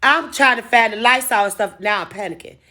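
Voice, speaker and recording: A woman telling a personal story to camera in a casual vlog, animated and freely cursing. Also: on the high side, fast talker. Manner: animated, profane, dramatic storyteller. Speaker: storytime vlogger.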